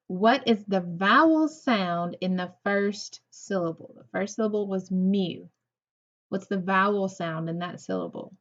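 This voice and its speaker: A woman teaching a phonics lesson to second graders, patient and encouraging, drawing out words. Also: mid-range voice. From United States. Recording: dull lo-fi recording.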